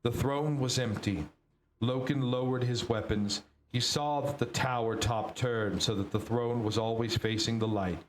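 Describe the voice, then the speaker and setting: A man streaming, reading a novel aloud with a steady delivery and the odd slip. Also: mid-range voice, a little slow. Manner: steady read-aloud with occasional slips. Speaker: book reader streamer. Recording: roomy echo, faint noise.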